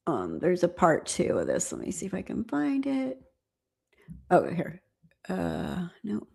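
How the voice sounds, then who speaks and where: A woman's voice: on the low side, huge pitch swings, measured pace, creaky, dark tone, husky. Chatty woman reacting on a live stream. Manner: chatty, amused asides. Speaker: host, former flight attendant.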